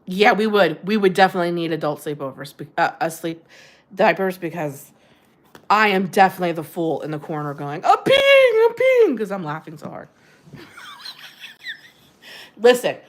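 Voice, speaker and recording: Chatty middle-aged lady on a livestream, voice bouncing all over, giggles a lot. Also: medium pitch. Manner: chatty, giggly, answers chat comments aloud. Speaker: livestream host. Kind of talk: casual livestream chat with viewers.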